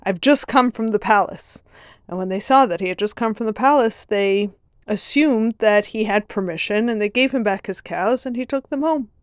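A woman's voice: mid-range voice, normal speed, clean tone, no room sound, studio quality. A woman giving an earnest religious lesson, telling a parable in a storytelling manner. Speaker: Torah teacher.

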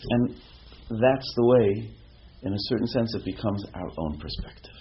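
A man teaching a lively Torah class as a rabbi, asking rhetorical questions and mixing in Hebrew terms. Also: on the low side, moderate pace. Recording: dull lo-fi recording with faint noise.

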